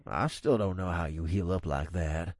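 A male audiobook narrator playing a gruff, sardonic older man who talks in a low drawl. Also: moderate pace, a little mellow, no echo, studio quality. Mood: wry.

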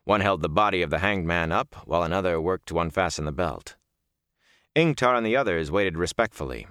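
A man narrating a fantasy novel in a measured, dramatic storytelling manner. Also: sits low, animated, fairly bright tone, no echo, studio quality. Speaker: audiobook narrator.

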